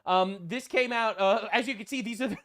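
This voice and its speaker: A sarcastic man riffing through casual reaction commentary, his voice sitting noticeably high for a man. He talks bluntly and crudely, tossing in slang as he goes. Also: fairly quick, a bit bright. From United States. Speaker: political commentary host.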